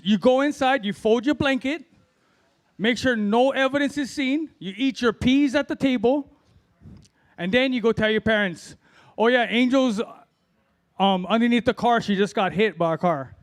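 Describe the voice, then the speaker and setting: A middle-aged man from Hawaii doing a loose, rambling open-mic stand-up set. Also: high-pitched. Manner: rambling, self-deprecating, loose delivery with fillers. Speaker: amateur stand-up comic.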